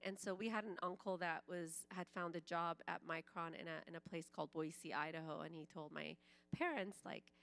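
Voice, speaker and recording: At church, a woman in her forties tells her testimony like a chatty story, peppered with "like" and acted-out quotes. Raised in Iran with Farsi as her native language, she has a lowish, steady, gravelly voice with some brightness and speaks at normal speed.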